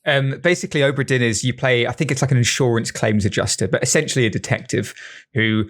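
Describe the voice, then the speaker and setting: A man co-hosting a casual podcast, explaining a game enthusiastically with halting restarts and frequent laughs. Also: medium pitch, a bit bright. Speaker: podcast co-host, game developer. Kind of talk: casual chat.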